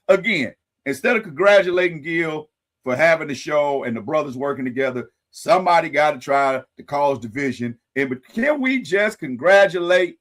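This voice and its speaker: Animated man hosting a live stream. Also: on the high side, normal speed. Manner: animated, folksy sayings, wry asides to viewers. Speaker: host. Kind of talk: casual commentary on a live stream.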